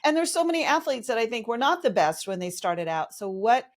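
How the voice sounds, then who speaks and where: A woman's voice: on the high side, sing-song, fairly quick. A woman hosting a podcast interview, explaining a step-by-step approach in a coaching way. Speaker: podcast host. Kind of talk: casual interview.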